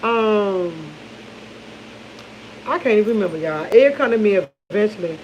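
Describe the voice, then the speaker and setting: A woman's voice: medium pitch, animated, normal speed, darkish tone. Chatty woman vlogger rambling to y'all over coffee, loses her thread, bit dull lo-fi sound w faint hiss. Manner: rambling, loses her train of thought, laughs often; loose and chatty, speaks to viewers as y'all. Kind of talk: casual morning chat to camera.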